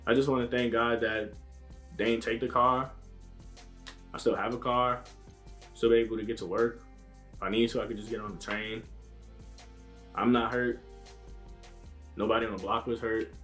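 A man's voice: mid-range voice, level tone, normal speed, pauses often, a bit bright, soft background music. A young man casually telling a story to camera in a laid-back, slang-heavy way, acting out what people said to him. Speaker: vlogger.

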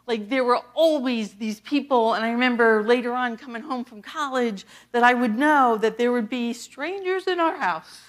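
Animated woman pastor telling her story. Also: on the high side, normal speed, few pauses. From US East Coast. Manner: animated storytelling, laughs often, voice rises on quoted questions. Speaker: associate pastor. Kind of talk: personal testimony sermon.

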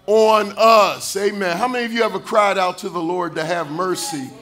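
Pastor, male, high bright voice, preaching with call-and-response, rising to shouts and sung lines. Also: fairly quick, soft background music. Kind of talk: sermon.

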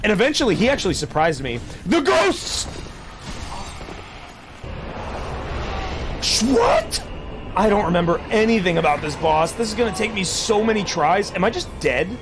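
Talking fast with few pauses over music, a young man with a high-sitting voice narrates his game stream. He's excitable and rambling, swears freely, and yelps loudly at game events.

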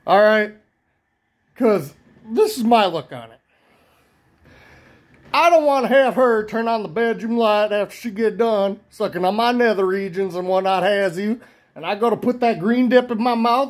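Crude rambling guy vlogging, swears a lot, tells a rowdy story. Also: high-pitched. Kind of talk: crude comedic rant to camera.

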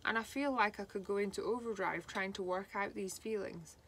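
A woman giving a slow, halting spiritual card reading, voicing feelings with emotion. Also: mid-range voice, a bit bright, a little hiss or hum. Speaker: tarot reader.

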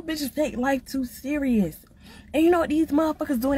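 A woman ranting casually to the camera, blunt, profane and animated. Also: high-pitched, normal speed. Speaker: vlogger.

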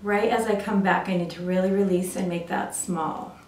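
Woman, middle-aged, cake decorating teacher, gentle and careful, mid-pitched voice, roomy echo. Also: fairly even intonation, normal speed, a little hiss or hum. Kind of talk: step-by-step demonstration. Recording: echoey room.

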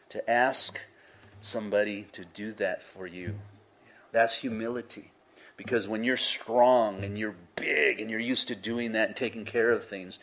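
A man's voice: on the low side, a bit bright. A man preaching a sermon in an earnest, conversational way, building emphasis on key phrases. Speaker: pastor.

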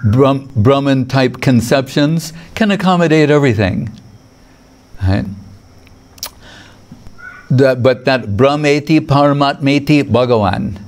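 Male spiritual teacher, mid-pitched, slow deliberate lecture delivery, digressive, quotes Sanskrit. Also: darkish tone. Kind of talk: lecture on scripture.

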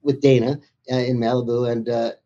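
A man's voice: mid-range voice, little pitch movement, brisk, mellow, highs cut off. A man being interviewed as an author, chatty and laughing as he tells his stories. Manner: chatty storyteller, laughs through his anecdotes. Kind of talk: anecdotal interview conversation.

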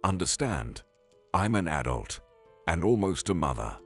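A man's voice: low-pitched, big pitch swings, measured pace, soft background music, full character voice. A man voicing a wary, stubborn young pregnant woman who speaks firmly and with growing irritation. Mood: insistent. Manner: firm, increasingly irritated.

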